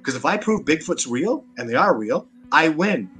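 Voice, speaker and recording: Speaking pushed and bright in a slightly high, very animated voice at moderate pace, a Canadian-accented man talks as an interview guest. The Sasquatch researcher is emphatic and combative, frequently repeating words as he grows heated.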